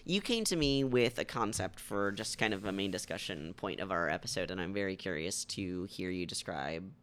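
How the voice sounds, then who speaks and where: A man's voice: deep voice, lively intonation, moderate pace, fairly bright tone, slight background noise. A man co-hosting a casual podcast, joking and reacting to his partner's story. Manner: joking, reactive, swears freely. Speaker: podcast co-host. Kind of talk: casual chat.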